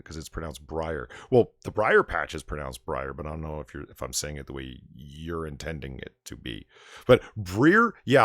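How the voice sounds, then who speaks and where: A man hosting a casual late-night livestream chat, animated and blunt, swearing and reading out viewer tips. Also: very deep voice, no echo, studio quality. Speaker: livestream bar host.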